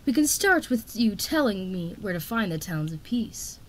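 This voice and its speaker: A woman's voice: mid-range voice, very animated, normal speed, a little hiss or hum, lightly acted. A woman voicing a cruel, dismissive dragon queen. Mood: cold menace. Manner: dismissive, menacing. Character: cruel commanding female sea dragon queen.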